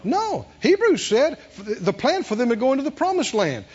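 A man's voice: very high voice, very animated, normal speed, a little mellow, slightly rough, lo-fi sound. A man preaching a sermon, emphatic and repeating his phrases, with call-and-response to the congregation. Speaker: pastor.

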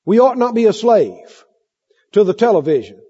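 A man preaching a sermon with lively delivery, playing out cravings in mock voices, recorded on a muffled tape in a hall. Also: high voice, normal speed, husky.

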